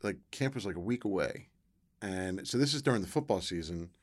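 A middle-aged former football player, appearing as a guest in a relaxed interview, tells a long personal story in a low, brisk voice. He slips into the voices of people he quotes and his pitch jumps up when he gets excited.

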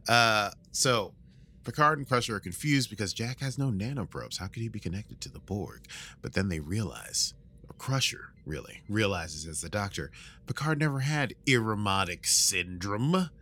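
A man hosting a casual recap chat, rambling through the story and acting out quotes in goofy voices, with a morning voice that is still warming up. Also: on the low side, animated, normal speed, slight background noise. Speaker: podcast host recapping an episode.

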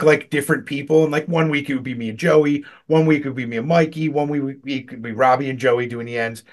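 A man with a somewhat high voice tells work stories in loose, rambling casual chat, swearing freely and laughing often. He talks like a podcast co-host going back over old times with a friend.

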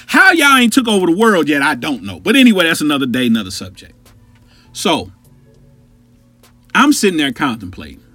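A man with a husky, slightly breathy voice that swings widely up and down as he tells a story. He is animated and profane and speaks straight to his listeners as a podcast host. Faint music plays behind him. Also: fairly high pitch, no echo.

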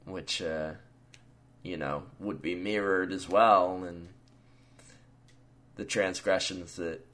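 A man's voice: sits low, fairly even intonation, takes it slowly, fairly bright tone. A man hosting a podcast, talking casually with frequent fillers and chuckles, then reading his own story aloud. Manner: laid-back, chuckling, many fillers. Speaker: podcast host.

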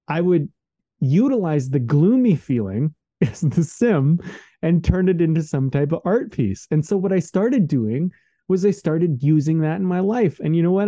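A man hosts a podcast, rambling earnestly through casual, reflective chat and leaning on "like" and "man." His voice is a little high and mellow, captured in a dull, dry lo-fi recording.

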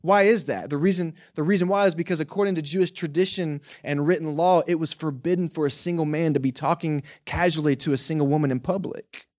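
A man's voice: fairly high pitch, steady tone, quick pace, few pauses. A male pastor, preaching a sermon in a conversational, joking way and often checking in with the congregation. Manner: conversational, joking, keeps asking the congregation "right?". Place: church service held in a cinema.

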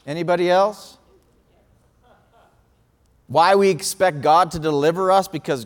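High-voiced man preaching in a hall. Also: unhurried, long pauses. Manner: lively storytelling, acting out quotes. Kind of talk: sermon. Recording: reverberant hall.

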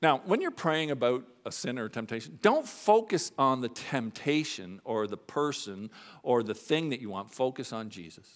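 A pastor in his fifties preaching a sermon in a church, shifting between quiet confessional moments and raised emphatic points. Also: normal speed. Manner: animated preaching, swings between soft confessional lows and raised emphatic highs. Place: church sanctuary.

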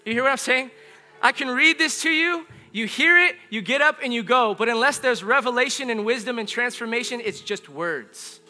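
Middle-aged guy pastor preaching, high bright voice, earnest and chatty, music faint behind. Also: moderate pace. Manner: earnest, conversational, repeats phrases. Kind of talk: sermon.

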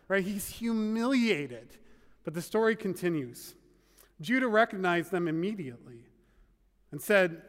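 A man's voice: high voice, lively intonation, a little slow. A man preaching a sermon as pastor in a conversational, wry way, full of asides. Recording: long reverb of a large hall.

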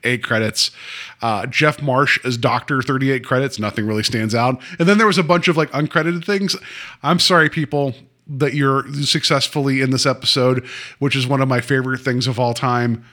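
A man's voice: mid-range voice, steady tone, moderate pace, bright, forceful tone. A man co-hosting a casual TV review chat, rambling, trailing off and laughing often. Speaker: podcast co-host.

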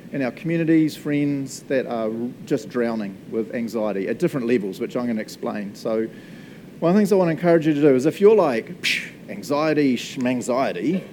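Kiwi pastor guy preaching casual, jokes and laughs a lot, keeps asking "eh?", mid-pitched, faint rumble behind. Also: dark tone. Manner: chatty, jokey, laughs often, asks the room "eh?". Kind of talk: casual sermon.

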